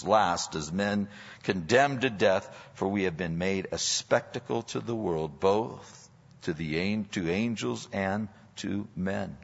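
A man's voice: low voice, gravelly. A male pastor preaching a sermon in a church, emphatic and sometimes mockingly sarcastic. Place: church sanctuary. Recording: dull audio with long hall reverb.

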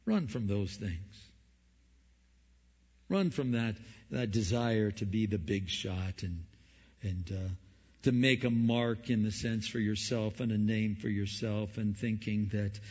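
A man's voice: fairly low pitch, fairly even intonation, a little slow, a little mellow, slightly rough. A man preaching a sermon, emphatic, asking the congregation rhetorical questions. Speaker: pastor. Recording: dull lo-fi recording with long hall reverb.

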